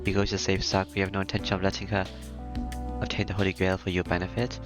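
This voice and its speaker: A man reading aloud and voicing a calm, formal young woman servant who speaks politely and in measured phrases. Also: low-pitched, close to an everyday voice. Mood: reserved. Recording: music playing behind.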